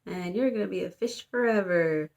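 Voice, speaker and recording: A woman's voice: on the low side, moderate pace, vocal fry, a little mellow, muffled recording. A woman casually quoting a teasing ghost boy in a lazy, teasing drawl, keeping close to her own voice.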